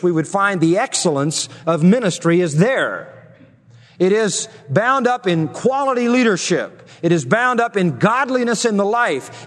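High-voiced male pastor preaching in a hall. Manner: measured, emphatic expository preaching. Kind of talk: sermon.

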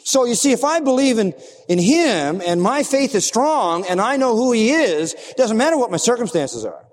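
Guy preaching a sermon, kinda high voice, pushes hard on the repeats, big hall echo. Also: big pitch swings, normal speed. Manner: emphatic, repetitive preaching with rising and falling emphasis. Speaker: pastor. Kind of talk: expository sermon.

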